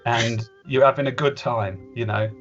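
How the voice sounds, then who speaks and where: A man's voice: medium pitch, moderate pace. Rambling man, lo-fi sound. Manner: rambling, hesitant, with many restarts. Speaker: podcast host. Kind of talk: comedy sketch as a voice director. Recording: dull lo-fi podcast audio with faint music.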